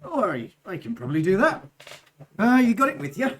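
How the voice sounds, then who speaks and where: A man's voice: sits high, wildly swooping pitch, brisk, voice pushed up. A game master voicing a big, burly male Goliath smith with a chummy tradesman manner and a British regional accent that keeps shifting. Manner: chummy tradesman, calls people love.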